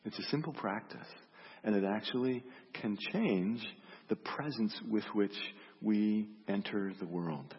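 A man with a fairly low, husky voice delivers a reflective sermon, telling stories and circling back to his questions. His voice rings with a long reverb in a large church room, and the sound is dull, like a lo-fi recording. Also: measured pace. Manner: reflective, storytelling, repeats questions. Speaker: pastor.

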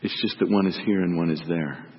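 A man's voice: low-pitched, brisk, big-room sound, lo-fi sound. A man reading a gospel story aloud as a priest and then preaching on it, voicing its characters dramatically.

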